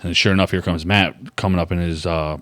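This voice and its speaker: Here a podcast host, a young adult man whose voice sits low, talks fairly fast on a dry recording. He's an animated storyteller in a casual chat, performing the quoted voices of the characters.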